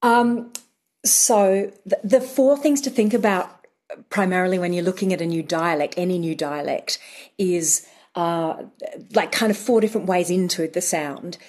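A woman's voice: fairly low pitch, darkish tone. A woman dialect coach explaining methodically in a radio interview, with some ums. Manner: methodical, explaining in lists with fillers.

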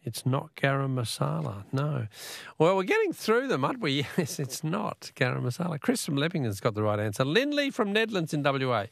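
Chatty Australian radio quiz host. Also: male voice, a little high, sing-song, normal speed, creaky, a bit bright. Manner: chatty, laughs easily.

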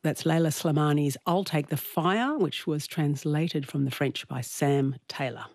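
A woman hosting a radio book discussion, easygoing and chatty, quick to giggle. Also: low voice, a little mellow. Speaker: radio host.

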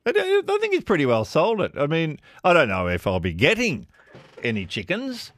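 A man hosts talkback radio in a jokey, chatty way. His pitch swings widely as he talks. The studio sound is close and dry. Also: wildly swooping pitch, fairly bright tone, no room sound. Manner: jokey, chatty, quick to laugh at himself. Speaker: radio host. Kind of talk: casual talkback radio chat. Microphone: studio microphone.

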